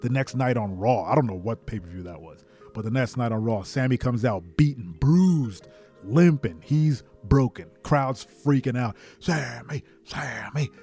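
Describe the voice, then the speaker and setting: Animated man narrating wrestling play-by-play. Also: mid-range voice, normal speed, soft background music. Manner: animated, shouts sound effects. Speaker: podcast host. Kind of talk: excited fantasy play-by-play narration.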